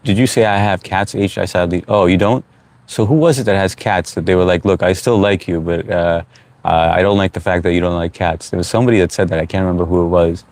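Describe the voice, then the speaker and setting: A middle-aged man from the United States, speaking in a very low, deep voice. He hosts a live stream in a loose, easygoing way, reading viewer comments aloud with plenty of fillers. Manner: relaxed, reads out chat comments, frequent uh fillers. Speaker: livestream host. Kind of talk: casual live chat.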